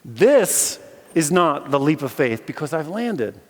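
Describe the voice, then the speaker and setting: A man preaching a lively sermon, acting out the voices in the story as he tells it. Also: on the high side, slow pace. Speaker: philosophy teacher giving a chapel message. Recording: echoey hall with long reverb.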